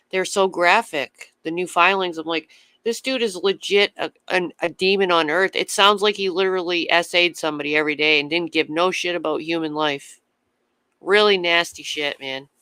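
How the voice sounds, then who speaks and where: A man's voice: high-pitched, sharp tone, clear, resonant tone, no room sound. A man chatting casually with viewers on his livestream, rambling from topic to topic and swearing freely.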